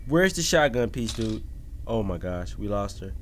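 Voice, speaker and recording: A man hosting a gaming channel, giving casual, slangy commentary on a mobile horror game, swinging from low mumbling to sudden shouts. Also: big pitch swings, normal speed, slight background noise. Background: background game music.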